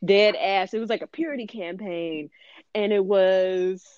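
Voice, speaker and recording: A woman's voice: mid-range voice, moderate pace, mellow, no room sound. A woman hosting a podcast, talking bluntly and emphatically in casual chat, swearing freely. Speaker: podcast host. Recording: muffled dry podcast audio.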